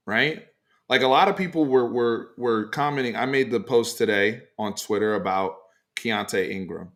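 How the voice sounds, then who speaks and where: A man hosts a casual sports talk show, pressing his opinions hard and leaning on fillers as he goes. His voice sits at an ordinary middle pitch. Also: moderate pace. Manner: animated, emphatic opinions with frequent fillers. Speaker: sports podcast host.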